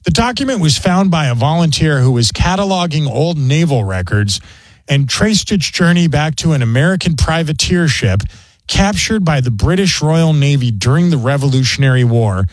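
Brief: animated male host, dry studio sound, joking banter. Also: a little high, normal speed, dry recording. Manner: animated storyteller, jokey. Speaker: radio show host. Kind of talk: casual radio banter.

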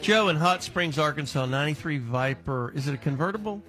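A man's voice: on the high side, animated, fairly quick, over music. A male radio show host bantering and haggling with callers, joking and teasing as he talks into a studio microphone. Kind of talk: casual on-air banter with callers.

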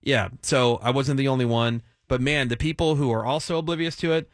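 A man's voice: medium pitch, no echo. Radio guy hosting the morning show, easygoing and chatty, dry close studio mic. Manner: relaxed, chatty, quick asides. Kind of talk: casual morning radio chat. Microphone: studio microphone.

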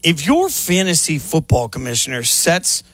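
A man hosting a sports radio show, talking in an emphatic, animated way. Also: a little high, moderate pace, no echo. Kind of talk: casual sports radio talk.

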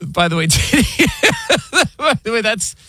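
A man's voice: very high voice, huge pitch swings, takes it slowly, bright, forceful tone, husky, no echo. A man hosting a sports radio show, telling a story with laughs and running down what is coming up. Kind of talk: casual chat and show rundown. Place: radio studio.

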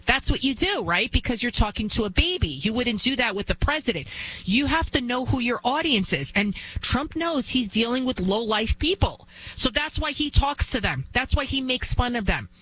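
A woman's voice: mid-range voice, fairly bright tone, slight background noise, rough recording. A woman hosting a talk show, delivering an emphatic, blunt monologue that repeats its points and keeps asking "right?".

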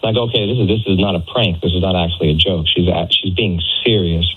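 A man's voice: sits low, steady tone, fast, slightly rough. Man on phone line, hesitant storytelling, fillers and restarts, tinny lo-fi sound. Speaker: caller on the phone. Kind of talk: telling an anecdote on a phone call.

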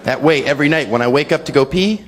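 A man doing a stand-up comedy set, acting out characters in his stories. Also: quick pace. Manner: acts out voices in his stories, swings high for characters. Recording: live club recording with long reverb and audience noise.

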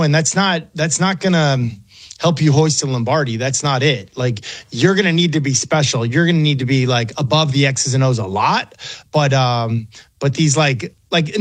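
A middle-aged former quarterback spins loose, self-deprecating stories as a podcast guest. His voice sits a little high for a man. The sound is dry and close. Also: no echo. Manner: chatty, self-deprecating, quotes people in put-on voices. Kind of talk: casual storytelling interview.

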